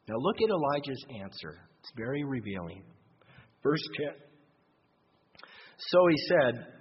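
A pastor preaching a sermon, moving between lively emphasis and quiet asides. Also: male voice, medium pitch, measured pace, slight background noise. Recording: dull lo-fi recording in long-reverb hall.

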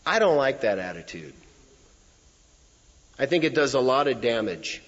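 A man preaching a sermon, expressive and emphatic, with frequent asides to the congregation. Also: medium pitch, moderate pace, pauses often. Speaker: pastor. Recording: reverberant hall, dull lo-fi sound.

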